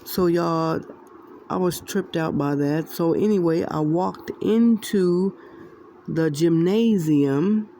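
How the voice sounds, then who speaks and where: A woman's voice: fairly low pitch, takes it slowly, dark tone, slight background noise. A woman casually sharing a spiritual dream with her viewers, rambling, repeating herself and laughing often. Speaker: Christian video creator sharing dreams.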